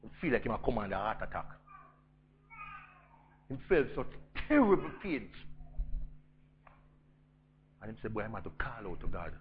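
A man with a Jamaican accent preaching a storytelling sermon, swinging between loud emphasis and hushed intensity. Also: on the low side, big pitch swings, moderate pace, long pauses, muffled recording, a little hiss or hum.

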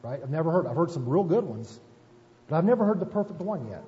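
Folksy pastor, muffled echoey hall. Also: male voice, a little high, very animated, fast. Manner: folksy, asks "right?" often, self-deprecating asides. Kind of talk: conversational sermon. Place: church sanctuary.

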